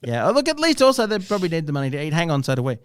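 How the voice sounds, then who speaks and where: A man from Australia, a comedian co-host in casual chat, quick and sarcastic. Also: on the high side, clear, resonant tone, dry recording, clean studio sound. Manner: sarcastic, quick, animated impressions.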